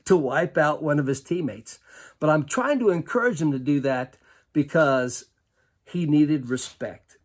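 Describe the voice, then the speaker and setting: A basketball coach telling a lively personal story to an audience, laughing often as he goes. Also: a little high, husky. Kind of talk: storytelling talk.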